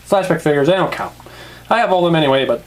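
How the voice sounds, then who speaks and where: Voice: medium pitch, lively intonation, fast, a little hiss or hum. A casual toy reviewer who rants, swears and laughs often.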